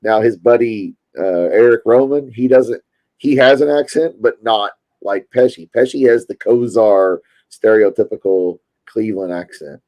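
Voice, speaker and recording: A man's voice: fairly low pitch, a little slow, dark tone. A man with a Louisville Kentucky accent, chatting casually and rambling to his stream viewers. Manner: rambling, chatty, self-interrupting.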